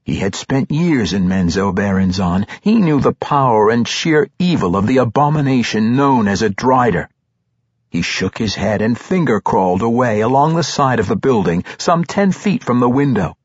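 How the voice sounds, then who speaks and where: Husky male audiobook narrator. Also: medium pitch, no room sound, dull audio. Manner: steady, measured storytelling. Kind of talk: scripted fantasy narration.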